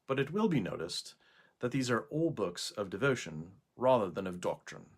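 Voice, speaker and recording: A man reading a scholarly prose passage aloud in an attempted English accent, measured and deliberate, recorded indoors. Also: on the low side, sing-song, slightly rough, exaggerated voice. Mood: earnest.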